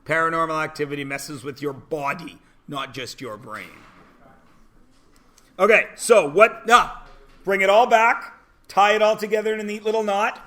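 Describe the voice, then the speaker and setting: Guy in his 40s teaching math, kinda high bright voice, jokey asides to the class. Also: steady tone, normal speed. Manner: chatty, joking asides to students. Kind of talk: classroom lecture.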